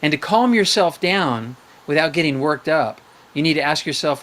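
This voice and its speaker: Guy hosting a live call-in show, kinda high voice, playful and upbeat, keeps asking questions and setting up games. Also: expressive, normal speed, a bit bright. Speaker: show host coaching young callers.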